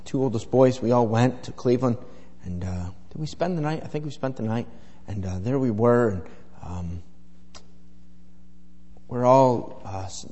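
A man's voice: lowish voice, dark tone. A middle-aged man preaching a sermon in a folksy, rambling storytelling way full of fillers. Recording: echoey hall with long reverb.

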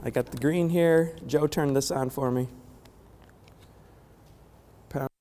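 A man with a hoarse voice from a head cold, preaching a sermon in a chatty way and asking the congregation questions. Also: mid-range voice, takes it slowly, warm tone, slight background noise. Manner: conversational, asks the congregation questions. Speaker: pastor. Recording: long hall reverb.

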